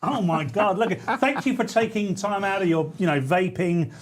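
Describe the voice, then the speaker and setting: A man's voice: sits high, animated, normal speed. A man hosting a comic radio show, reading out listener letters in a mock-earnest way and breaking into giggles. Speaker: radio host. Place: radio studio.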